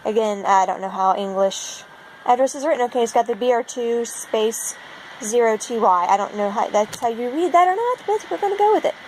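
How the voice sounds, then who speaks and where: A young woman from the United States vlogs casually, thinking aloud and puzzling over a map she's browsing on her computer. Her fairly high voice is expressive and a little fast. The low-quality recording, made on a phone propped against her laptop, has slight background noise.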